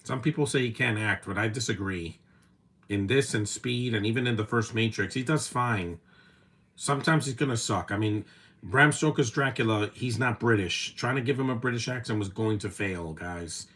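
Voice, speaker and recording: A man's voice: lowish voice, normal speed, a bit bright. A man in his thirties giving casual, opinionated live commentary while watching a movie, rambling with restarts and fillers.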